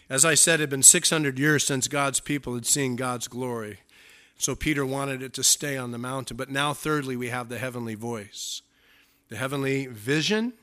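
A male pastor preaching a sermon, reading scripture and acting out the quoted lines with lively changes of pitch and loudness. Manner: animated preaching, acts out quotes with shifting pitch and volume.

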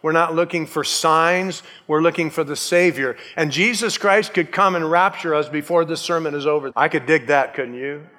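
A man's voice: fairly high pitch, normal speed, hardly any pauses, pushed and bright, big-room sound. A male pastor preaching a sermon in a conversational way, with joking asides and acted-out quotes.

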